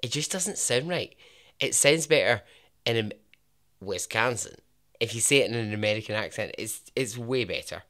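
A Scottish man hosting a podcast, narrating a true story in a chatty way with jokey asides and a lowered voice for emphasis. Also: brisk, a bit bright. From Scotland. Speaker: podcast host.

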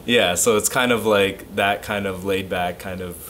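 A man's voice: low voice, fairly even intonation, moderate pace, a bit bright, a little hiss or hum. Laid-back male interviewer. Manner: laid back, brief agreeing replies. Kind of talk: casual interview chat. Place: music store.

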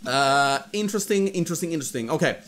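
A man's voice: fairly high pitch, lively intonation, quick pace, fairly bright tone. A young man streaming casino games, commentating casually as he rambles, jokes and swears freely. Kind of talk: casual live gambling commentary.

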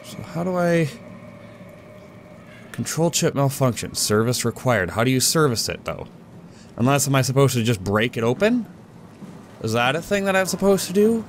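A man's voice: medium pitch, sing-song, moderate pace, pauses often, slight background noise. A young man giving casual, goofy commentary while playing a game, talking to objects and to himself. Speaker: let's play gamer.

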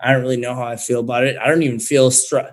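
A man's voice: mid-range voice, level tone, very fast. Slangy young man telling a story. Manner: loose and slangy, heavy swearing. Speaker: podcast guest. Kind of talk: casual storytelling.

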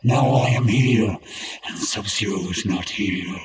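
Guy playing a grim ninja, talks slow and flat, stiff. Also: lowish voice, echoey room, distant mic, lightly acted. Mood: aggrieved. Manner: slow, stiff, deadpan delivery. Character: grim vengeful male ninja warrior. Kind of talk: comedic fan-film acting.

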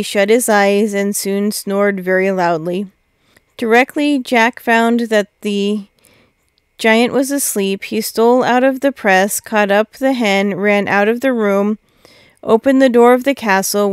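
Smooth-voiced woman reading a storybook. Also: mid-range voice, no room sound, studio quality. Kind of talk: storybook narration.

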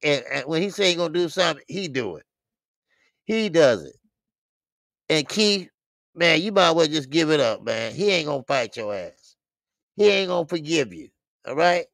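A man's voice: a little high, very animated, moderate pace, pauses often, a bit bright, dry recording. A man hosting a boxing livestream in loose, talkative chat, laughing often and repeating himself. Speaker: boxing channel host.

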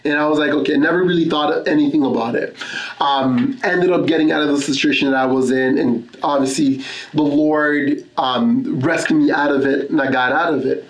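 A man preaching an earnest sermon, weaving personal testimony with Scripture readings. His voice sits a little high for a man. The sound carries the echo of a church room. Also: fairly even intonation, moderate pace, lo-fi sound. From Canada. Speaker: pastor.

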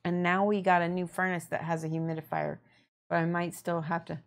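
A young woman casually explaining her painting as she works, chatty and relaxed, answering her viewers and laughing often. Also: lowish voice, brisk, gravelly. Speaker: miniature painting streamer. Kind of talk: casual painting tutorial chat.

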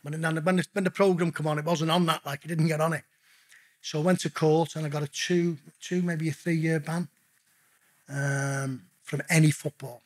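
Husky, blunt, sweary middle-aged man. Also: on the high side, flat delivery, moderate pace. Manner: blunt, swears constantly, calls the listener mate. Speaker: podcast guest. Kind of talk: casual storytelling interview.

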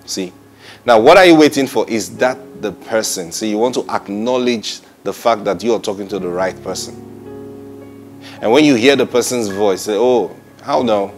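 Guy preaching a bible lesson, animated, keeps repeating himself, soft music low behind him. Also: moderate pace. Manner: animated and repetitive, often saying "praise God" with short laughs. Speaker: Bible teacher. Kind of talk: sermon-style Bible teaching.

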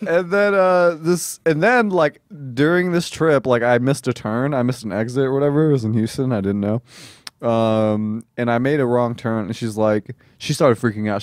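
A man's voice: medium pitch, normal speed, no echo, studio quality. A man hosting a podcast, telling rambling, profane stories full of quoted dialogue in a casual chat. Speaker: comedian host. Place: podcast studio.

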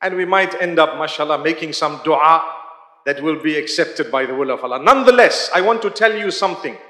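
High-voiced man lecturing in an echoey hall. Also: animated, brisk, bright, forceful tone. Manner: conversational, often asks the audience questions. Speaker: Islamic lecturer. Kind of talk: live religious lecture to an audience. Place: large hall.

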